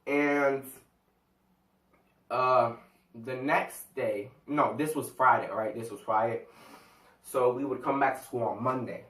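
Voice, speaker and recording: A man's voice: medium pitch, fairly even intonation, unhurried, long pauses, a bit bright, roomy sound, distant mic. A teenage guy telling a school story in a casual storytime vlog, rambling, slangy and full of fillers. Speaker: vlogger.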